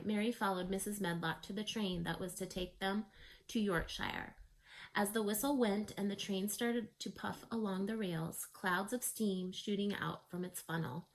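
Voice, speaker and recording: A woman's voice: mid-range voice, rough recording. Woman reading a storybook aloud.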